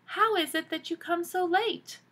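A woman's voice: extremely high pitch, measured pace, fairly bright tone, voice pushed up. A woman voicing a clever eldest girl who keeps asking curious questions. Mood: questioning.

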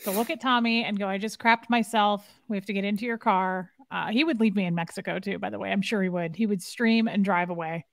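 A woman co-hosting a casual chat in a deadpan manner, reading viewer comments aloud. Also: mid-range voice, brisk, creaky, hardly any pauses, dry recording, studio quality. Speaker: co-host.

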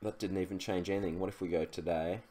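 A young man talking through an online tool in a relaxed screen-share tutorial. His voice sits a little low, and he rambles casually, often pausing on "um" and restarting his sentences. He sounds like he's speaking into a desktop mic at his computer. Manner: chatty, loose, with many fillers and restarts. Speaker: e-commerce YouTuber.

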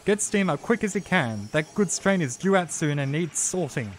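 A man voicing a brisk male yard manager giving orders. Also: on the high side, big pitch swings, slight background noise, pitched above the performer's own voice. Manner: brisk, commanding.

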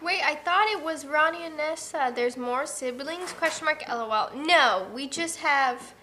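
A woman's voice: sits high, normal speed, sharp tone, a little hiss or hum. A young woman co-hosting a livestream in casual chat, telling stories and reading viewer comments aloud. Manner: chatty storytelling, reads viewer comments aloud. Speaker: livestream co-host.

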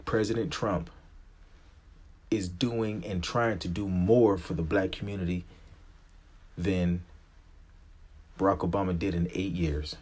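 A man's voice: low voice, fairly even intonation, unhurried, long pauses, darkish tone, breathy edge. A man in his forties from the United States, a vlogger giving a blunt, profane, impassioned opinion rant to camera.

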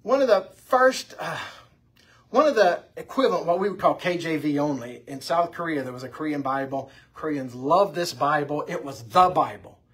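A man's voice: fairly high pitch, moderate pace, slightly rough. A man teaching an informal church Bible class, conversational and full of anecdotes. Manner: conversational, anecdotal, lively delivery.

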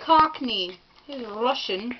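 A woman's voice: fairly high pitch, lively intonation, takes it slowly, dull audio, a little hiss or hum. A tipsy woman casually reading lines aloud among friends, giggly and unsure, stumbling over her words. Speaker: friend trying out accents. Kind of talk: casual home video, reading lines in accents.

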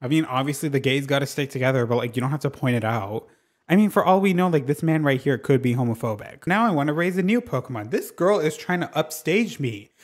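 A man hosting a let's play, reacting to the game in a sassy, excitable way and swearing freely into a desk microphone. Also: medium pitch, fast. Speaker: gaming channel host.

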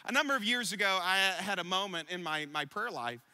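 A man's voice: sits high, animated, a little fast, sharp tone, clean tone. A middle-aged male pastor preaching a sermon, telling a personal story and then building to emphatic exhortation.

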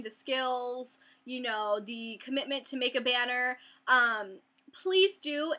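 A woman's voice: a little high, pushed and bright. A young woman chatting to camera in a casual vlog, bubbly and rambling with lots of fillers. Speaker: beauty vlogger.

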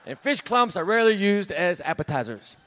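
A man in his thirties doing a stand-up set on a theater stage, delivering deadpan one-liners that trail off into small laughs at himself. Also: high-pitched, fairly quick. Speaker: stand-up comedian. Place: large theater stage, live audience.

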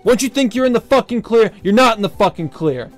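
Streamer rant: man, high voice, furious, constant swearing, repeats every complaint. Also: animated, fairly quick, faint music behind. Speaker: speedrunner streamer. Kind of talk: angry rant while live-streaming a game.

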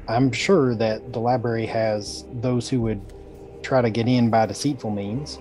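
A man playing a tabletop game in character, calm and reasoning, with small hesitations. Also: medium pitch, measured pace, poor audio. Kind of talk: in-character role-play. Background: faint background music.

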